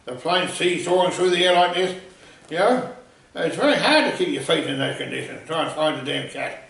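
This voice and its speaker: A man spins a rambling, animated comic yarn with a gravelly, bright voice that sits a little high. He sounds far from the mic, in a very echoey room. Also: a little fast. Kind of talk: comic anecdote storytelling.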